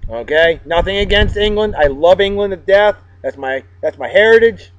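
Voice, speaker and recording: A man hosts a casual vlog, upbeat and joking as he gives shout-outs to friends. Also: high-pitched, lively intonation, moderate pace. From Massachusetts. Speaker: vlog host. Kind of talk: casual chat. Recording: dull, dry sound.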